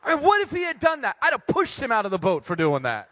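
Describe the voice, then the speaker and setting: A young man preaches with a fairly high, husky voice that leaps all over its range. He jokes and acts things out, then drops to quiet, earnest points. The sound is dry and close. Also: fast talker, no room sound. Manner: animated and joking, swings between loud and quiet. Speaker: pastor speaking to university students. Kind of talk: sermon.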